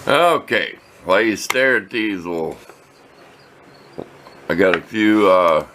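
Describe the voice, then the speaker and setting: A man's voice: low-pitched, animated, takes it slowly, a bit bright, a little hiss or hum. An older man, rambling in a folksy, plain-spoken way as he shows off tools in his home workshop. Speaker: workshop video host. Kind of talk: casual workshop show-and-tell.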